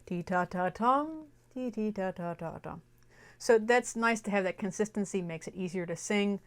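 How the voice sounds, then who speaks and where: A young music teacher walks through a melody, alternating explanation with short sung phrases as examples. Her voice is smooth and mid-range, delivered at a normal speed.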